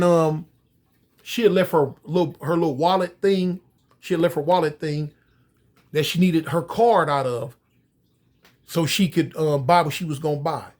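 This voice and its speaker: A man telling a story in a casual, conversational way, speaking directly to his listeners. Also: a little high.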